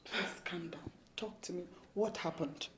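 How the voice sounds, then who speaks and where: An actress playing a worried sister with a Nigerian English accent, pleading urgently and soothing in hushed tones. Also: female voice, a little high, very animated, unhurried, slight background noise.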